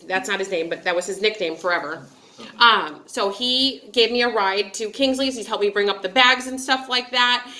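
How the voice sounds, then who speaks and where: A woman's voice: mid-range voice, moderate pace, bright, forceful tone. A woman in her thirties from upstate New York, telling a personal story in a candid, chatty and digressive way, with frequent asides to her viewers. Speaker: vlogger. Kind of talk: casual storytelling.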